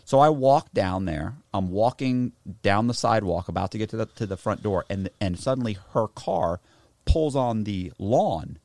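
Young man, low voice, lively storyteller, slangy, dry close sound. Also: normal speed, gravelly, dry recording. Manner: animated, slangy, swears and says bro. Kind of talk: casual storytelling chat.

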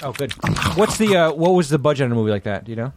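A man's voice: mid-range voice, lively intonation, very fast, noisy background. A man co-hosting a podcast, chatting casually in an eager, chatty way and swearing freely. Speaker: podcast co-host.

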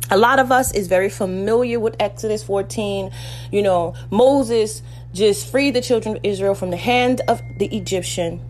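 A woman's voice: mid-range voice, a little hiss or hum. A woman preaching a sermon, fervent and personal, acting out biblical voices as she retells scripture.

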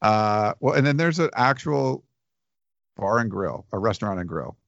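A man with a low, gravelly voice chats casually as a podcast co-host. He rambles and restarts his sentences. The sound is dry and dull, like a lo-fi recording. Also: animated, normal speed, fairly bright tone, no room sound. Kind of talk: casual chat.

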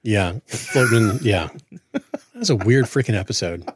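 Lively, joking podcast dad. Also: male voice, lowish voice, normal speed, slightly rough, no room sound. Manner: joking, rambling off on tangents. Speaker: podcast co-host; father. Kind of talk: casual chat.

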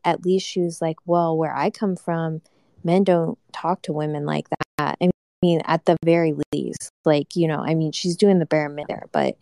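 A woman's voice: fairly low pitch, mellow, dry recording. A woman on a live audio chat giving a hesitant, rambling reaction to a reality show, filling it with "like" and "I mean". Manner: filler-heavy, hesitant, keeps saying "like".

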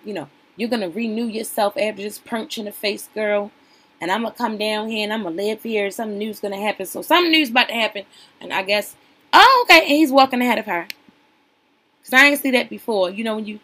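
A woman's voice: mid-range voice, fairly bright tone, poor audio. Sassy woman recapping reality TV. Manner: sassy, chatty, addresses viewers as y'all. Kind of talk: casual reaction commentary.

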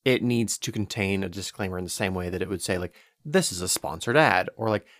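Low-voiced man in dry, casual chat. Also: fairly quick, no echo. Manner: relaxed storytelling, some fillers. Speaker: podcast co-host.

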